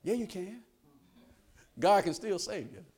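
An older man preaching a sermon, calling out to the congregation and rising to shouts. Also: high-pitched, unhurried, breathy edge.

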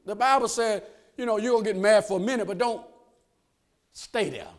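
A man preaching a sermon, folksy and joking, building to shouted call-and-response lines. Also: high voice, quick pace. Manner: folksy, joking asides with laughter.

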